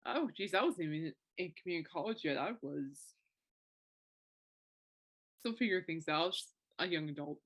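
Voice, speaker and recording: A woman in her thirties hosts a solo podcast, rambling loosely as her sentences loop back through fillers and restarts while her feelings come through. Her low voice has lively intonation, a moderate pace, and frequent pauses.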